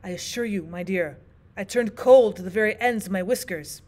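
A woman voicing a flustered, sulky king chess piece in a storybook reading, loud, slow and indignant. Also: mid-range voice, voice pushed down, lightly acted.

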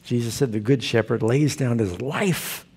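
A man's voice: mid-range voice, normal speed, a little mellow, slightly rough. A male pastor who preaches a sermon in a folksy, storytelling way.

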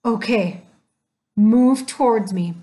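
A cautious, bookish young boy from a storybook, as a woman reader puts him on. He sounds anxious and a little bossy, with a raised pitch and a slow, careful pace. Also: dark tone, faint music behind. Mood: worried. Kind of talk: storybook reading.

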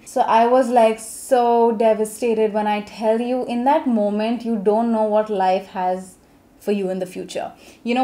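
A young woman from India, telling her own story in a chatty, expressive vlog style with many fillers. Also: medium pitch. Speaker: vlogger. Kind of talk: casual storytelling.

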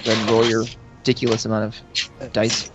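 A man's voice: little pitch movement, moderate pace. A man running a tabletop game as dungeon master, teasing his players and laughing often. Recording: dull low-fi sound with faint music.

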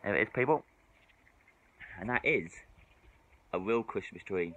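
A man's voice: lowish voice, expressive, a little slow, a bit bright, highs cut off, a little hiss or hum. A British man rambling and swearing through a casual drinking vlog outdoors in the cold, tipsy and shivering, sighing often. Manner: sweary, rambling, frequent sighs. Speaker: drinking vlogger.

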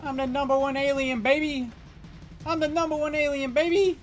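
A man's voice: flat delivery, moderate pace. A man putting on a boastful, taunting voice as the top alien killer in a multiplayer horror game, with game music behind him. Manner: boastful, taunting, high and loud. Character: cocky trash-talking male alien killer. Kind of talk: in-game trash talk.

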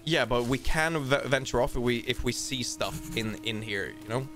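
A man hosting a casual co-op gameplay video, chatty and quick to exclaim. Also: mid-range voice, over music. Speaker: gaming channel host.

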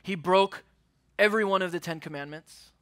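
High, bright-voiced young man preaching. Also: moderate pace. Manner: earnest preaching, acts out quotes, drops to a hush on key words. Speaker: youth pastor. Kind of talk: sermon. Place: church youth service.

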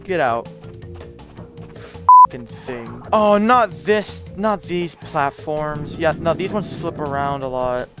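A let's play gamer with a fairly high-pitched voice talks slowly, pausing often, as game music plays behind him. He's frustrated, muttering to himself and swearing a lot in his casual commentary.

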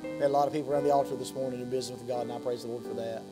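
A man, a pastor preaching an evening sermon in a church. His preaching swings between high, loud passages and soft, low ones, and he often repeats and restarts phrases. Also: little pitch movement, rapid-fire, over music, low-quality recording. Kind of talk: evening sermon with altar call. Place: church sanctuary.

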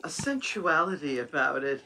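An actress playing a flamboyant, theatrical former stage performer who teases and flirts in a TV series clip. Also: female voice, sits low, very animated, measured pace, exaggerated voice. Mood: teasing. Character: flamboyant older woman, a former stage performer in a small town. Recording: TV clip with background hiss.

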